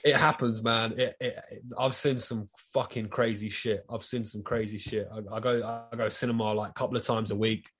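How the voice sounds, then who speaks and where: A man chatting casually and telling animated, swear-filled stories full of fillers. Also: on the low side, a little fast, few pauses, husky. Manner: animated storyteller, heavy swearing, lots of fillers. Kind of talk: casual chat.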